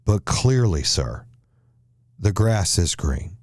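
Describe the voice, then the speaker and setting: A calm, honorable tiger reasons politely with a king in a spoken fable, voiced by a man. The voice is low and dry. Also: slow pace, no echo, full character voice.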